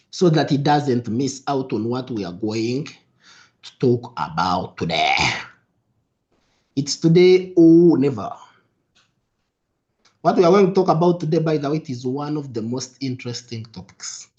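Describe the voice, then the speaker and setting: A young adult man hosts a live trading stream, greeting viewers and repeating himself in an upbeat way, dropping into soft asides. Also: medium pitch. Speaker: trading mentor hosting a livestream. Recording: lo-fi stream audio.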